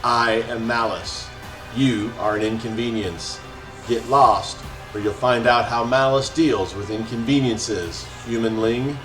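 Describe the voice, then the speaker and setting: Brief: mocking, indolent male serpent alien read by a man, game voice, slightly raised pitch, roomy sound. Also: steady tone, measured pace, close to an everyday voice. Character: smug lazy male serpent alien gang leader. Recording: roomy echo, faint music.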